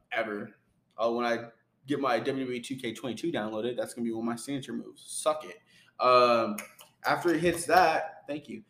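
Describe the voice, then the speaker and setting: A man's voice: medium pitch, a bit bright. Rambling man recapping wrestling, roomy echo. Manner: rambling play-by-play, many fillers and laughs. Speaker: podcast co-host recapping wrestling. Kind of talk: casual chat.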